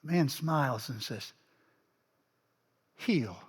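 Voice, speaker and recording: A man's voice: high-pitched, sing-song, slow. Dramatic male pastor in a reverberant church. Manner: dramatic, drops to a hush then swells. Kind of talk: storytelling sermon. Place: church sanctuary. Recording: long reverb of a church sanctuary.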